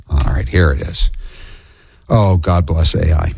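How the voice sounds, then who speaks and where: A man's voice: rumbling low, unhurried, gravelly, long pauses, slightly rough, dry recording, studio quality. A man hosting a talk radio show, speaking bluntly and scornfully and rambling with restarts as he takes callers. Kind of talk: opinionated talk radio chat.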